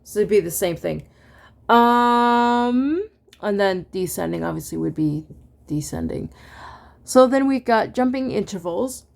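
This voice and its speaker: Slow-talking woman teaching solfege. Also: medium pitch, expressive, vocal fry. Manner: sings solfege syllables slowly, chatty with laughs and fillers. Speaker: music teacher. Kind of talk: casual online music lesson.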